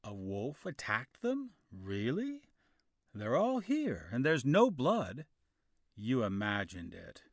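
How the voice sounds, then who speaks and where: A man's voice: medium pitch, huge pitch swings, slow, no echo, clean studio sound, exaggerated voice. A man voicing a stern village father in a storybook reading, speaking firmly and scolding. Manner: firm and scolding.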